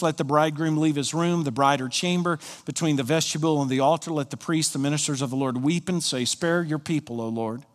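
A man from Colorado preaching a sermon as pastor, emphatic and swinging from hushed lines to soaring ones. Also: fairly high pitch, long reverb tail.

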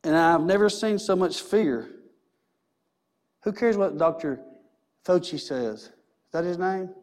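A man's voice: high voice, unhurried, darkish tone. A man preaching a sermon in a church, emphatic and repetitive, with many rhetorical questions. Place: church sanctuary.

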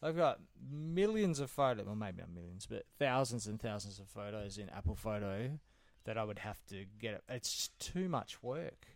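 A man's voice: fairly low pitch, animated, normal speed, no echo. A man co-hosting a casual podcast chat, telling jokey stories about prank calls and chuckling often.

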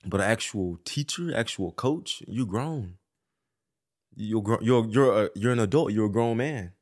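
Laid-back Mississippi man, lowish voice. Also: lively intonation, unhurried. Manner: laid-back, matter-of-fact, Southern slang. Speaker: podcast host, former NFL player. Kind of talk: casual chat.

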